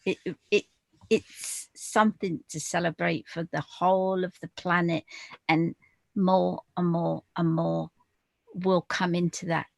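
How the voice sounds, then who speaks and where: A woman speaking as a guest in a spiritual podcast conversation, slow and deliberate, pausing often with fillers. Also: lowish voice, steady tone, creaky, no echo.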